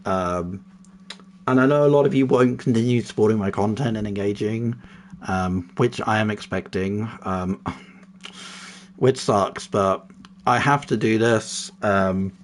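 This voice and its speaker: A man's voice: on the low side, unhurried. A young man talking casually to his livestream chat, moving from a somber farewell talk to exasperated, heavily swearing outbursts. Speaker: streamer.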